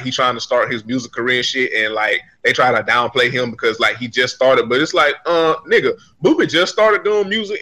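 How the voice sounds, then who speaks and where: Bright-voiced, animated man chatting. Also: medium pitch. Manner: animated, profane, laughing storyteller. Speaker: podcast co-host. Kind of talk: casual chat.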